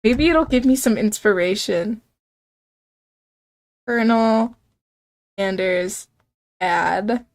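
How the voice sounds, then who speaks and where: A woman's voice: medium pitch, takes it slowly, long pauses. A young woman streaming a game, playfully reading its text aloud and chatting with viewers, giggling often.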